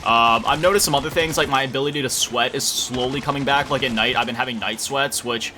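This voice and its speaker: A young Florida man commentates his gameplay in a rambling, casual way, swearing now and then, his medium-pitched voice moving at a quick pace. Music plays loudly beneath him, with game music and gunfire adding to the background noise.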